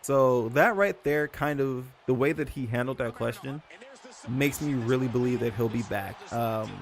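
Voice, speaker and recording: A man's voice: medium pitch, moderate pace. A young man with an ordinary mid-range voice chats casually to his viewers. He wanders off topic, stacks up fillers and takes back what he just said. A faint background noise sits under the recording. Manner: rambling, self-correcting, filler-heavy. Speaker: YouTube host. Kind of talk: casual rambling commentary.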